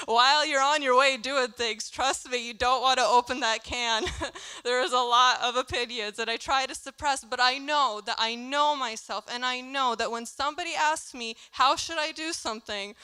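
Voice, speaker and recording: A woman's voice: high voice, moderate pace, sharp tone, clean tone, no room sound. A young woman giving a candid, chatty youth sermon in a church, laughing often as she talks. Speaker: youth speaker.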